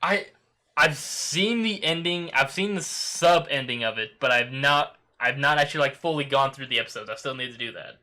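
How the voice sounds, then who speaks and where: A man's voice: mid-range voice, normal speed, bright, forceful tone. A man chatting casually with a friend during a game, easygoing and laughing often. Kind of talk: casual chat over voice chat.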